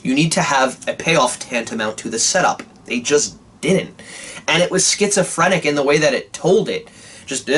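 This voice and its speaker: A young man giving an animated, casual movie review, swearing often and restarting his sentences. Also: on the high side, slightly rough.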